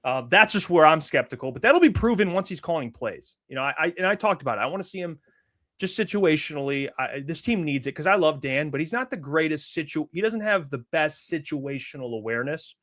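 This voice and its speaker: A man's voice: on the high side, expressive, fairly quick, a bit bright. Casual man hosting a sports talk show. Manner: self-described pessimist, blunt opinions with frequent restarts.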